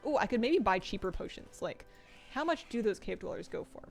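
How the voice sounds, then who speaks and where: A woman streaming a video game, chatting casually with her viewers, laughing often and switching to high baby talk with her pets. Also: expressive, fairly quick, creaky, faint music behind.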